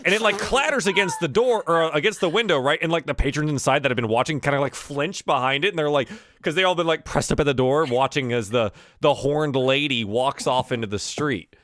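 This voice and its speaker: A man narrating as game master of a tabletop game, animated and halting, with many fillers. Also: on the high side, no room sound. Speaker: dungeon master. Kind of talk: running a tabletop game online.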